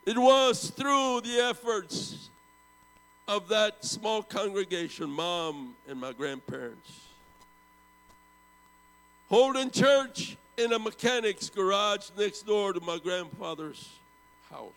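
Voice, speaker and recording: Gravelly older man preaching in a hall. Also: lively intonation, slow. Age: 70s. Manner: swings from loud bursts to hushed low tones. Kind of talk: storytelling sermon.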